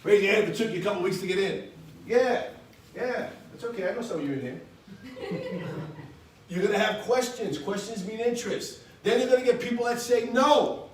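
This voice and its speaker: Energetic man coaching a room from afar. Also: high voice, fairly quick, a little hiss or hum. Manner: energetic, coaxing, acts out phone calls. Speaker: sales trainer. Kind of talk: motivational training talk. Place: meeting room with audience. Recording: echoey room from far off.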